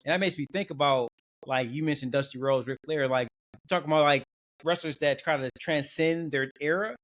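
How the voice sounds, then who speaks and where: A man co-hosting a podcast, chatting casually and telling stories with lively acted-out quotes. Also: a little high, brisk. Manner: animated storyteller who jumps into exaggerated quotes. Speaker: podcast co-host. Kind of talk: casual chat.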